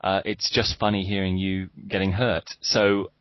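A man's voice: deep voice, level tone, moderate pace, dry recording. A man co-hosting a podcast, teasing with dry humor and reading tech news. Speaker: podcast co-host. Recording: dry, dull lo-fi sound.

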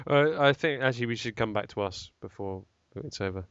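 A man's voice: medium pitch, fairly quick, a bit bright, lo-fi sound, slight background noise. A man hosting a casual podcast, rambling and joking with a co-host. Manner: rambling, jokey, laughs often.

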